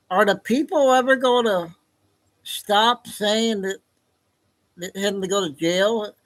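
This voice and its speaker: Slow, high-voiced rambling stream host. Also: male voice, fairly bright tone, poor audio. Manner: rambling, hesitant. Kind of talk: casual live-stream chat.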